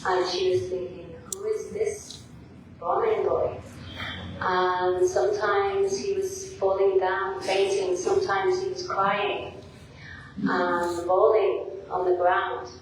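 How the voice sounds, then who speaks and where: Slow halting woman in an echoey hall. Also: on the low side, level tone. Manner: slow, halting, searching for words. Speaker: storyteller at a temple class. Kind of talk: devotional storytelling. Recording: echoey hall, voice from far off, faint hiss.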